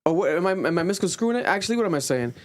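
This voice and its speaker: A man co-hosting a casual podcast, thinking aloud with restarts and rising in pitch when he makes a point. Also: lively intonation, racing, no echo. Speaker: podcast co-host.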